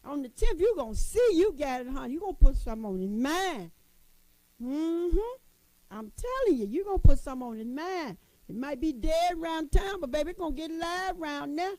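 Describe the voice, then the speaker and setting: A middle-aged woman gives a motivational talk with a high-pitched but mellow voice. She is folksy and emphatic, circling back to the same phrases and calling her listeners honey. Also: animated, a little fast, dry recording, low-quality recording. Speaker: motivational speaker addressing women.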